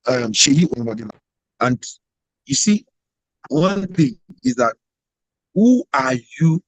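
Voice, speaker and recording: A man's voice: fairly high pitch, no echo, rough recording. A man giving an emphatic motivational address, full of repetition and rhetorical questions. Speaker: global president of organization.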